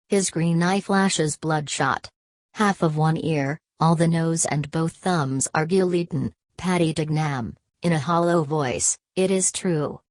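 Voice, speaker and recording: Woman narrator, audiobook reading, low voice, dry sound. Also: a little mellow, dry recording. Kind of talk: scripted literary narration.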